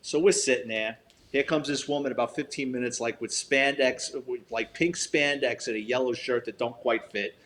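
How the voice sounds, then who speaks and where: In a storytelling interview, an older man who retired as a police detective speaks bluntly and with profanity, acting out quoted exchanges. His mid-range voice is a bit bright, with fairly even intonation and normal speed, and there's a little hiss or hum.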